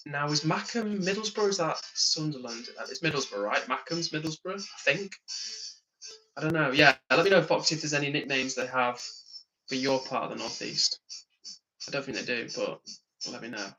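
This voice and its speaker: A man's voice: a little high, normal speed, sharp tone, poor audio. A tired, yawning man hosting a live stream, reading chat comments aloud, chatting casually and laughing often. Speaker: livestream host.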